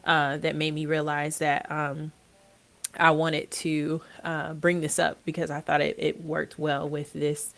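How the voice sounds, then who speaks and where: Woman podcast host, low and gravelly, monotone, stuffy-nosed, hesitant with lots of fillers. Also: a little slow. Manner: hesitant, many ums and uhs. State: congested from allergies. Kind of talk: casual podcast monologue.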